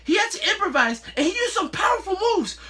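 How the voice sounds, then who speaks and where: Guy hosting a wrestling recap, high bright voice, super excitable. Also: fast talker. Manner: excitable, playful. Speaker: show host.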